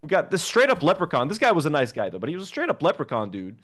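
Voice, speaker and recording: Brief: casual male streamer, lively pitch, loose and profane. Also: racing. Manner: animated, swearing, lots of fillers. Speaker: livestream co-host. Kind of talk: casual reaction stream chat.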